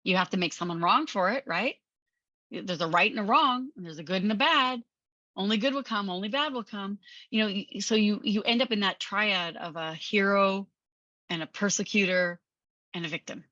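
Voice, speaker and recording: A woman hosting a podcast, talking in an animated, emphatic coaching manner and laughing often. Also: mid-range voice, moderate pace, no echo, dull audio. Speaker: podcast host. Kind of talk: conversational coaching talk.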